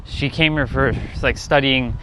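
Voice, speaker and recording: A man's voice: mid-range voice, fairly even intonation, a little slow, sharp tone, a little hiss or hum. A man chatting casually on a live stream outdoors, rambling with lots of fillers and laughing at himself. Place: outdoors near a park.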